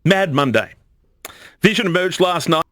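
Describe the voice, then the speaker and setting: A man's voice: high voice, animated, moderate pace, a bit bright, dry recording, clean studio sound. A man presenting a news story in a stern, disapproving tone.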